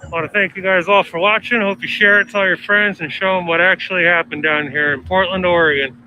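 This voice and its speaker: Street streamer, male, high and piercing voice, tired sign-off, archived clip with faint traffic hum behind. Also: steady tone, fairly quick, pushed and bright, highs cut off. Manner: weary, plain-spoken. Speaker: street livestreamer. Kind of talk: signing off a live stream. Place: outdoors on a city street.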